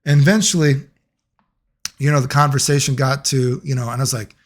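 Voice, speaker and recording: A man telling a long personal story in a casual monologue, rambling and profane, getting animated when he quotes other people. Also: medium pitch, brisk. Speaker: video creator.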